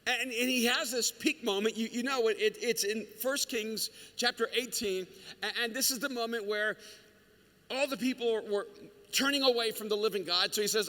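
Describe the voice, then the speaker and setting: High, bright-voiced preacher in a reverberant hall. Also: male voice, normal speed. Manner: animated storytelling with humor and many restarts. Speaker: pastor. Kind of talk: sermon.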